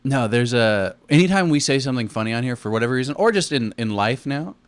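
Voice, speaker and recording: A man's voice: medium pitch, lively intonation, quick pace, dry recording. Joking male podcast co-host, dry sound. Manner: joking, crude banter. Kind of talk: casual podcast chat.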